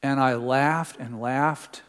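An older man preaching a sermon, telling stories full of quotes and dropping his voice soft for emphasis. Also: mid-range voice, steady tone, slow, clear, resonant tone. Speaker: pastor. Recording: long hall reverb.

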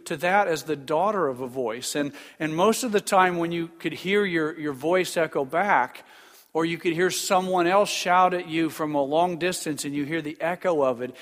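A man's voice: a little high, long reverb tail. An older man preaching an earnest sermon as pastor, with small restarts and asides.

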